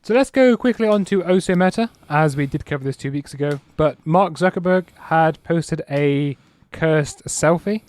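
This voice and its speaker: Easygoing higher-voiced man, dry mic. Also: moderate pace, hardly any pauses, darkish tone, no echo. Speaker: podcast co-host. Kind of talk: casual chat, reading news items.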